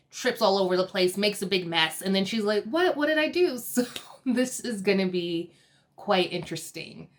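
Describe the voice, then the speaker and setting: A woman in a mid-range voice chats her way through a reality show recap. She laughs often and lifts her voice into quick, lively bursts whenever she acts out a quote. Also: mid-range voice. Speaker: TV recap vlogger. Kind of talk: casual episode recap.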